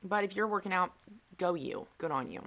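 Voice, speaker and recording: Low-voiced chatty young woman vlogging. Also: fairly quick, fairly bright tone, slight background noise. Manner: chatty, self-mocking, upbeat. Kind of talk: casual chat while crafting.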